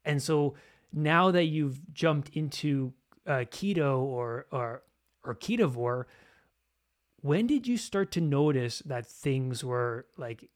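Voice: mid-range voice, animated, slow. A podcast host asking long, rambling questions with many fillers and restarts. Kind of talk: casual interview questions.

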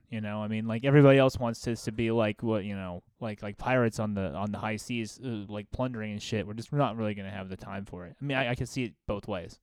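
Smooth-voiced man chatting loosely. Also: on the low side, a little fast, few pauses, no room sound, clean studio sound. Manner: loose, filler-heavy, agreeable. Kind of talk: casual roundtable chat.

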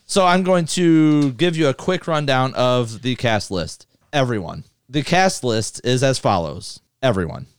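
A man hosting a casual movie podcast, talking loosely with swearing and rattling through a list fast. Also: medium pitch, lively intonation, clear, resonant tone, no room sound. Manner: loose, profane, reads lists quickly. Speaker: podcast host.

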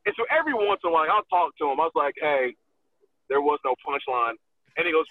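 A man telling a road story as a guest in casual talk, animated and profane, acting out quotes and laughing often, heard over a phone line. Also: a little high, quick pace. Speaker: wrestler guest. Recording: tinny phone-line sound.

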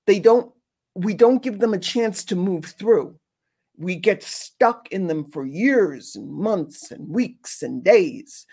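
A woman's voice: mid-range voice, a little mellow. A woman hosting a show, talking earnestly and ramblingly about grief and grounding, restarting often and sometimes swearing. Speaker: host. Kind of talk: casual spiritual talk.

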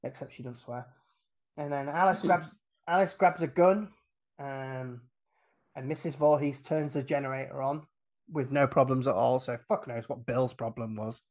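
A man in a relaxed podcast chat, eagerly recounting a film scene by scene. He slips into quick voices for the characters and breaks into laughter along the way. His voice sits at an ordinary middle pitch. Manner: animated plot recap, acts out the characters' lines, laughs often. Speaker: podcast guest retelling a film.

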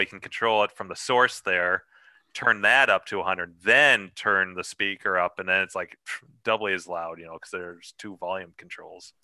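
A man's voice: on the low side, sharp tone, no echo. A man co-hosting a casual podcast, easygoing and joking as he explains things. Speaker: podcast co-host. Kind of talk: casual chat.

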